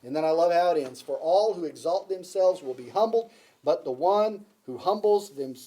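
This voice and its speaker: Speaking in a mellow voice that sits high, a preacher addresses his congregation in church. His sermon is emphatic, returning to key phrases again and again and asking the listeners questions.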